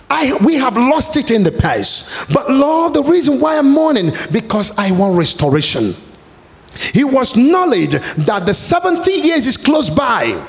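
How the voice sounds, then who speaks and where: A male preacher delivering an impassioned sermon, his voice sitting high and ranging widely. He speaks slowly and often climbs into shouted pleas. The long reverb of a large hall trails after his words.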